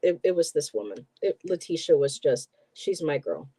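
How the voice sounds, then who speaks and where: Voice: medium pitch, big pitch swings, moderate pace, warm tone, slightly rough, no echo. A middle-aged host from the Buffalo area, chatting casually and telling stories with lots of "um" and "you know". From Buffalo, New York area. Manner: rambling, emotional storytelling with many fillers. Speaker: host, tarot reader. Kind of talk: casual chat.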